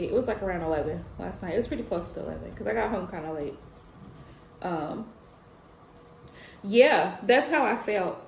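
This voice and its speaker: A woman in her thirties hosts a tarot stream and tells a personal story in a casual, chatty way. Her mid-range voice carries some room echo, with a faint hum of ambience behind it. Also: medium pitch. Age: 30s. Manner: chatty, addresses viewers as y'all, laughs often.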